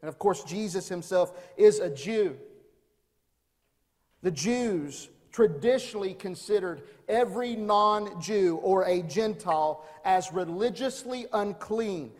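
A man's voice: high voice, takes it slowly, in a large hall. A man preaching a sermon as pastor, building emphasis with rhetorical questions. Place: church.

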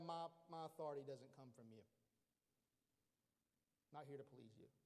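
A man preaching a sermon, emphatic and animated, often sinking to a hushed low voice to stress a point. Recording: long hall reverb.

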